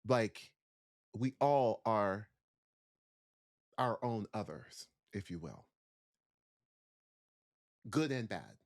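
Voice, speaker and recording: A man's voice: lowish voice, very animated, very slow, long pauses. A man, a stage performer, answering interview questions thoughtfully from his dressing room, searching for words with many "like" fillers. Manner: searching, heavy use of "like" fillers.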